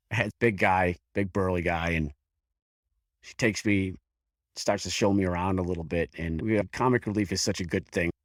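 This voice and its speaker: Deep-voiced firefighter telling his story. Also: fairly even intonation, no room sound, studio quality. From Buffalo area, US. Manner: halting and frank, restarts, mild swearing. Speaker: guest, career firefighter. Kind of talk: candid personal storytelling in an interview.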